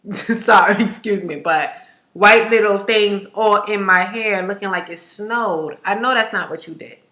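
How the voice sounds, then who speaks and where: A woman hair vlogger chatting to camera in an emphatic, animated way, ranting and repeating herself for effect. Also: mid-range voice, a little slow. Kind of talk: casual to-camera chat. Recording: echoey room.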